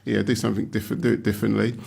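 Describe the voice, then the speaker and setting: A man's voice: lowish voice, little pitch movement, rapid-fire, creaky, a little mellow, husky. A middle-aged man from London with an East London accent, chatting easily as a podcast guest with many ums and uhs. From London, England. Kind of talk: casual interview chat.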